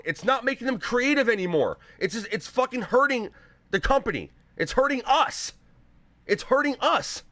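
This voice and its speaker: Angry, profane high-voiced male host. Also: expressive, moderate pace, dry recording. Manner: angry, profane, shouting at times. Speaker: host of a live gaming show. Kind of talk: live ranting commentary. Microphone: headset.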